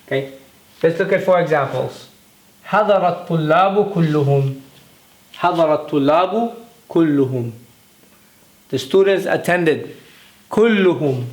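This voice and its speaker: A man teaching a grammar lesson in a patient way, often repeating words and checking in with "okay?". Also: a little high. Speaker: Arabic teacher. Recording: echoey room.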